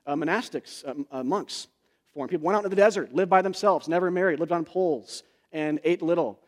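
A man's voice: on the high side, fairly quick. A man preaching a sermon, explaining scripture in an earnest, conversational way with frequent asides and fillers. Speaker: pastor.

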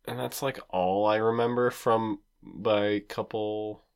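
A man's voice: on the low side, fairly even intonation, slow pace, vocal fry, clean tone. A man co-hosting a casual food podcast, bantering with jokes and swearing. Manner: joking, profane banter. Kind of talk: casual chat.

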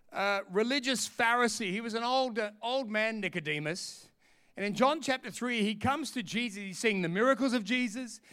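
A man's voice: high voice, sharp tone, smooth. A middle-aged Australian man preaching a sermon as pastor, emphatic and fervent.

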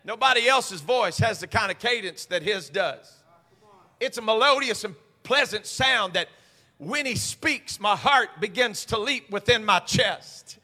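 A man preaching a sermon as pastor at a midweek church service, moving between quiet stretches and shouted, sing-song preaching cadence. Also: high voice, expressive, measured pace, in a large hall. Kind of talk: pentecostal-style preaching sermon.

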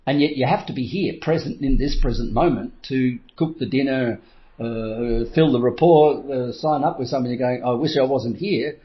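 A man's voice: medium pitch, normal speed. Middle-aged male coach, lo-fi recording. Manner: storytelling, acts out his own inner voice, chuckles often. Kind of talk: motivational talk. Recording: slightly dull lo-fi recording.

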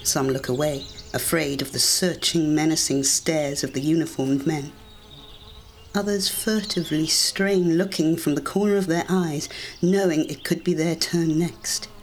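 Audiobook narrator, scripted story reading, measured and deliberate, middle pitch. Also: fairly even intonation, a little hiss or hum.

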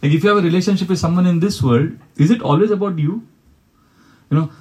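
Talking fast in a high-pitched, slightly mellow voice, a male spiritual teacher delivers a devotional lecture on poor audio. His style is conversational, with questions to the audience and recited Sanskrit verses.

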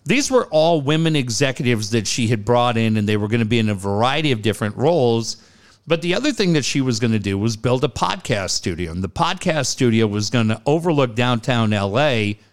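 A man's voice: mid-range voice, expressive, brisk. A middle-aged man, a podcast co-host, telling a personal story in an earnest, conversational way. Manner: earnest, conversational, hesitant with fillers. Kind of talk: personal storytelling in casual chat.

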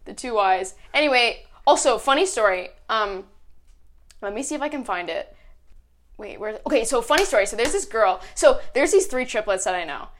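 A woman's voice: fairly high pitch, normal speed. A young woman co-hosting a podcast, telling stories in casual chat and acting out old text messages. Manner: animated storyteller, acts out old text messages. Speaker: podcast co-host.

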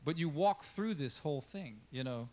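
A male pastor gives a relaxed, conversational sermon in a fairly high voice. He talks to his congregation in a chatty way, acts out what people in the story say, and drops in questions and asides. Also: normal speed.

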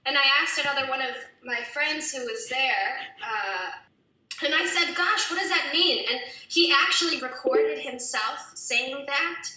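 A woman violinist chatting as a podcast guest, playful and giggly with quick asides. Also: sits high, pushed and bright. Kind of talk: casual podcast interview. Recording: echoey room, distant mic.

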